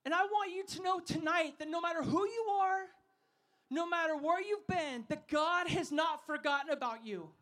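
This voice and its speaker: A man preaching at a festival in a high, bright voice. He is lively and funny and often calls on the crowd to answer back. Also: normal speed, few pauses. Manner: energetic, asks the crowd to call back; humorous storytelling. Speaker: festival speaker. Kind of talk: sermon.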